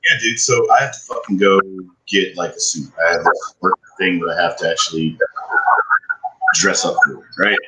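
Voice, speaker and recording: A man's voice: deep voice, moderate pace, very noisy. A man, podcast co-host, telling a story in casual chat, swearing often and ranting with frustration. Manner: profane, animated, frustrated ranting.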